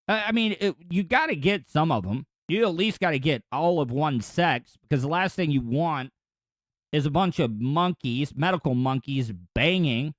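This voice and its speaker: Male podcast host, slightly high voice, dry close sound, rambling comic riffs. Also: lively intonation, normal speed, no echo. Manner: rambling, crude joking asides. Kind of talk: comedic news commentary.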